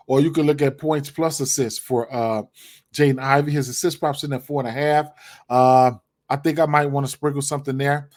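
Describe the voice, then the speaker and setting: A man's voice: a little high, darkish tone. A man giving his sports betting picks in casual, rambling talk, full of fillers and repeated words. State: hiccups, clearing throat.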